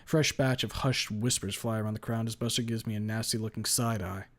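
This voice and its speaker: Man, fairly low voice, deadpan, blunt, casual swearing, story reading. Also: fairly quick. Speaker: story reader. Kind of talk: first-person story reading.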